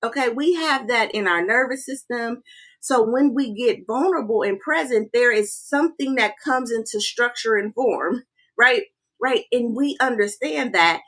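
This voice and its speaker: A woman coaching a live audience in a direct, energetic way. She often repeats her key points and keeps checking in with "right?". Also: fairly high pitch, moderate pace. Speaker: life coach. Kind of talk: live-streamed coaching talk.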